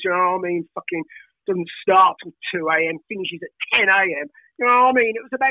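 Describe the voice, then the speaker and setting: A middle-aged Birmingham man, very high-pitched for a man, talks as a guest in a rambling, hyper flow, swearing freely. His voice comes through a tinny, phone-like line. The sound is dry and close, with no room around it. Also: no room sound. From England. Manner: hyper, rambling, swears a lot, frequent laughs. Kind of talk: casual storytelling chat.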